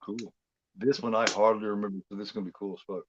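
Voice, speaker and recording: A man chatting casually during a movie watchalong, rambling and halting with lots of fillers and restarts. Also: fairly low pitch, steady tone, highs cut off, noisy background. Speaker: guest co-host.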